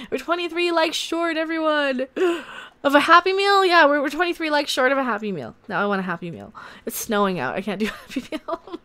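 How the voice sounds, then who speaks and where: A woman's voice: high-pitched, expressive, a little fast, pushed and bright. A woman hosting a live stream, chatting casually with her viewers in a rambling, candid way and swearing freely.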